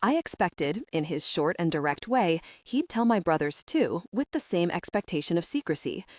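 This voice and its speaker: Female audiobook narrator, first person, reflective, lower pitch, dry studio sound. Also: big pitch swings, normal speed, dry recording.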